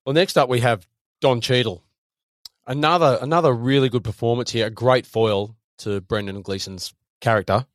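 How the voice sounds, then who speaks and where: A man's voice: mid-range voice, normal speed, no room sound, studio quality. A man co-hosting a podcast, running through actors' careers. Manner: reads off actor facts, steers the talk. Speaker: podcast co-host. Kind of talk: casual film review chat.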